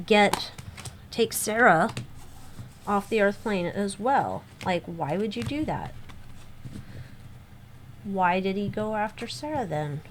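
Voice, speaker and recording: A woman's voice: mid-range voice, slight background noise. A woman giving a casual spoken tarot reading, rambling with lots of fillers and restarts. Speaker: tarot reader.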